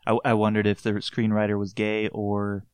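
A man's voice: lowish voice, monotone, moderate pace, a little mellow, clean tone, no echo. A man in a casual chat, easygoing and thoughtful.

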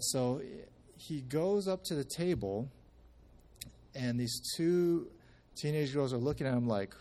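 A man's voice: medium pitch, expressive, moderate pace, darkish tone. A man giving a casual church testimony, telling a story in a conversational way with many restarts and acting out the quoted speech. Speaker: church member sharing at a service.

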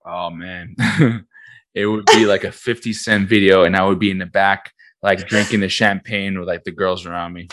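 A man's voice: low-pitched, fairly even intonation, moderate pace, fairly bright tone, no room sound. A young man, co-hosting a podcast and telling a rambling story in casual chat, acting out what others said. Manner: rambling, acts out quoted voices. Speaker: podcast co-host.

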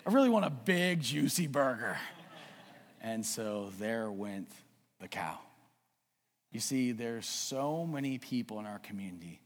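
A man preaching a sermon, earnestly urging his congregation and telling a story in an animated way. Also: on the low side. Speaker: pastor. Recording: long reverb of a hall.

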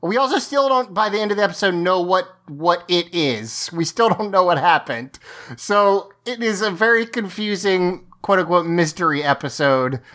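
A woman's voice: on the low side, expressive, moderate pace, fairly bright tone. A woman co-hosting a podcast, casually recapping an episode, chatty and often laughing. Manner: chatty, laughs often, restarts lines while explaining. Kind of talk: casual chat.

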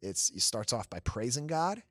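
A man's voice: medium pitch, sing-song, normal speed, a bit bright, no echo. Male host, earnest and chatty, mid voice, dry booth sound. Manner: earnest, restarts often, laughs easily. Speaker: podcast host. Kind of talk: casual faith conversation.

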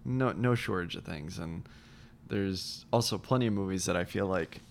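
A man's voice: low voice, normal speed, gravelly, a little hiss or hum. A man co-hosting a podcast in casual chat, rambling and laughing often. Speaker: podcast co-host.

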